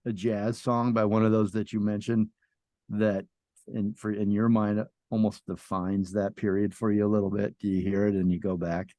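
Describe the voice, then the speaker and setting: A man's voice: on the low side, flat delivery, normal speed, mellow, no room sound. Eager interviewer man, dry sound. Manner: enthusiastic, curious interviewer. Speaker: podcast host. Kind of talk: casual interview chat.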